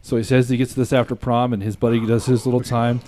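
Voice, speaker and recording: A man hosts a laid-back podcast chat in a warm, mellow voice at a middling pitch. He jokes easily and laughs along with his guest while telling his own story. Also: little pitch movement. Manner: joking, quick to laugh. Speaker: podcast host.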